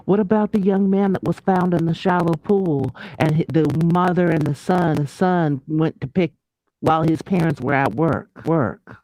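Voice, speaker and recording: A woman calling in as a livestream guest, speaking earnestly in a halting way and often repeating words. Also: low voice, mellow, a little hiss or hum, poor audio. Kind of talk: casual conversation.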